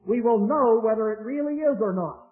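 A man preaching a sermon in a measured, anecdotal way, slowing down to stress key phrases. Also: very high voice, faint music behind. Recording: tinny phone-like archival recording.

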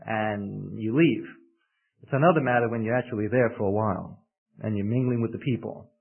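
A male preacher giving a sermon with storytelling, emphatic and building to loud peaks. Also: fairly high pitch, breathy edge. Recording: tinny radio broadcast.

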